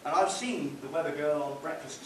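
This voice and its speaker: A man's voice: on the high side, fairly quick, a bit bright. A man giving an informal public talk, conversational and wry, wandering off on asides. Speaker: public speaker. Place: meeting hall. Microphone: distant room mic. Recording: roomy hall, distant mic, faint hiss.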